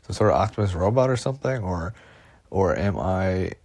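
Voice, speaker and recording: Deep-voiced agitated man, rambling. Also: expressive, moderate pace, darkish tone, no room sound. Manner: anxious, agitated, profane, repeats himself. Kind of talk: rambling personal monologue. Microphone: phone voice memo.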